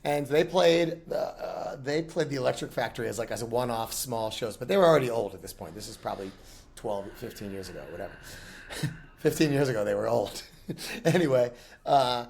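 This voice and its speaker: A man's voice: mid-range voice, animated, brisk, creaky, a little mellow. A middle-aged man chatting casually as a podcast guest, telling rambling anecdotes and laughing often. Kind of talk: casual chat.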